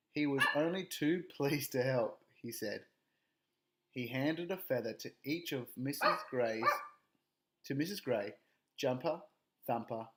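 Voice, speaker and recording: A man reading a children's story aloud in an expressive, playful way. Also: medium pitch, noisy background.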